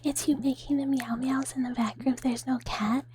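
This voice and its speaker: A woman streamer doing a whispered role-play, chatting softly with viewers in a breathy whisper and giggling often. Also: high voice, little pitch movement, moderate pace, slight background noise. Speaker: ASMR streamer.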